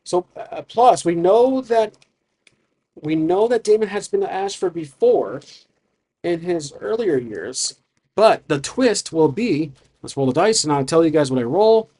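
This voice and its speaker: A man's voice: high voice, lively intonation, unhurried, warm tone. Man thinking aloud through a solo game. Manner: thinking aloud, frequent restarts. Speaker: solo game master and player. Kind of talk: narrating a solo tabletop game.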